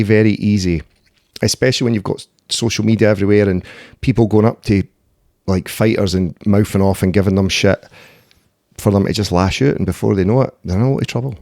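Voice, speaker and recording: A man's voice: on the low side, a little fast, darkish tone, dry recording, clean studio sound. A man in his thirties with a Scottish accent, telling stories bluntly and swearing freely as a podcast guest. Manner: blunt, sweary storytelling with frequent "eh" and "mate". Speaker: podcast guest, MMA fighter and doorman. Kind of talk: casual conversational interview.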